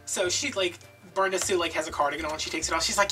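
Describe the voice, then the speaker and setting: A man telling a casual story as a crafting video host, animated and gossipy, acting out other people's voices as he goes. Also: on the high side, rapid-fire. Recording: distant mic with faint background music.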